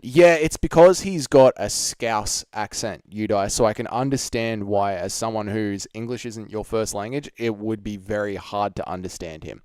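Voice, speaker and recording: A man's voice: mid-range voice, clean tone, no echo. A young man hosting a casual live stream, chatting and reading out viewer comments with plenty of swearing. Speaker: livestream host.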